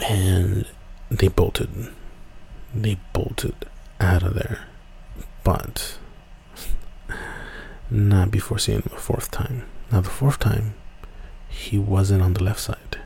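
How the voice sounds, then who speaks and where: A man with a low, gravelly, mellow voice tells a story in a loose, casual way. He rambles, restarts his sentences and fills the gaps with "you know." A faint hiss of ambience sits under the voice. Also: fairly even intonation, slow. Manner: rambling, many fillers and restarts. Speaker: podcast host.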